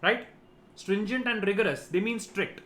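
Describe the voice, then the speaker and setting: A man's voice: high-pitched, moderate pace, pushed and bright. A man giving a vocabulary lesson, explaining each word and checking in with "right?". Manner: explanatory, repeats key words, ends points with "right?". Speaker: teacher.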